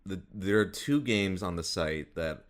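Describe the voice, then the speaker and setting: A man's voice: low-pitched, unhurried. A man hosting a podcast in casual chat, rambling with fillers and frequent laughs. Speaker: podcast host.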